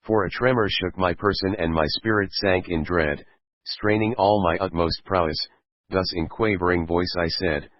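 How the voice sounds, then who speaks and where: Man reading rhyming verse for an audiobook, really deep voice, kinda muffled. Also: no room sound. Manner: steady, measured recitation of rhyming verse. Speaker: audiobook reader. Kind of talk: scripted narration of verse. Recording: dull lo-fi dry recording.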